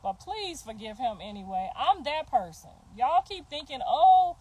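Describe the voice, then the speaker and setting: A woman's voice: a little high, very animated, normal speed, poor audio. A middle-aged woman in a heated casual rant, profane and confrontational, laughing between her jabs as a mother defending herself. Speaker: mother ranting on a livestream.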